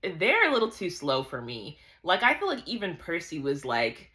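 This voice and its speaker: A woman's voice: lowish voice, huge pitch swings, moderate pace, bright, forceful tone. A woman in her thirties giving a casual, chatty book recap, ranting in exasperation. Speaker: book vlogger.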